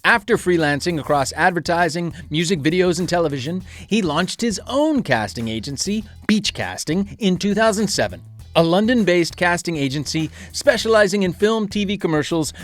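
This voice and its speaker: A man's voice: high voice, a bit bright. A man putting on a corny, hammy Irish accent to introduce a podcast guest. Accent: put-on Irish. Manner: hammy, sing-song announcer delivery. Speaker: podcast co-host.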